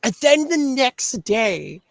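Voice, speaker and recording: Animated ranting man, dry close mic. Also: slow, gravelly, dry recording. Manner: ranting, mimics others in a higher voice. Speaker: shirt shop owner. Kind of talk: casual chat.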